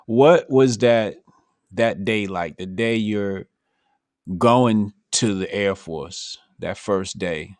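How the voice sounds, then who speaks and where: Slow-talking male interviewer. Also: lowish voice, dry recording, clean studio sound. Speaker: interviewer, host. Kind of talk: casual interview questions.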